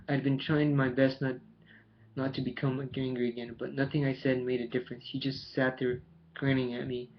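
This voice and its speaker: A man's voice: mid-range voice, level tone, normal speed. A man reading a novel aloud in a plain, careful way, with small stumbles, recorded with a dull, lo-fi sound. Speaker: audiobook reader. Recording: dull lo-fi home recording with faint hiss.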